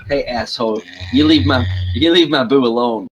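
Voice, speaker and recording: A man's voice: medium pitch, normal speed, a crowd in the background, low-quality recording. A man who is still sick, hosting a casual online game chat over a computer mic and joking around. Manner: joking, rambling. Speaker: streamer hosting the session.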